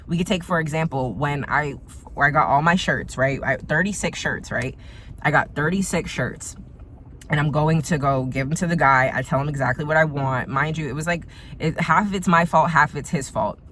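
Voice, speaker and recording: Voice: medium pitch, normal speed, fairly bright tone, a little hiss or hum. A tarot reader giving a casual spiritual reading, speaking emphatically and repeating points straight to the viewer.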